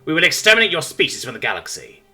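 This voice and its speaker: A man's voice: a little high, wildly swooping pitch, rapid-fire, sharp tone, faint music behind, voice pushed up, full character voice. A man voicing a haughty, imperious female alien ambassador with eight eyes, speaking with contempt. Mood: contemptuous. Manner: haughty, indignant.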